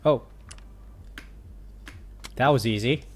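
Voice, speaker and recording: Guy doing chill gameplay commentary, reads stuff out loud, keyboard clacking. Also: mid-range voice, slow. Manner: casual, chatty, reads game text aloud. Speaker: gaming YouTuber. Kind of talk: casual let's play commentary.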